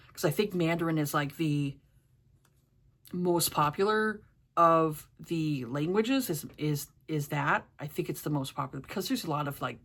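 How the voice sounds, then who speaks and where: Low-pitched woman, casual rambling vlog chat full of fillers. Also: fairly bright tone. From East Coast of the US, New York area. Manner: rambling, many fillers like "you know" and "like". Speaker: book and TV reviewer.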